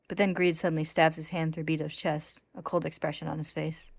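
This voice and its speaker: A woman narrating a story recap in a steady, plain retelling voice. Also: sits low, brisk, few pauses, no echo.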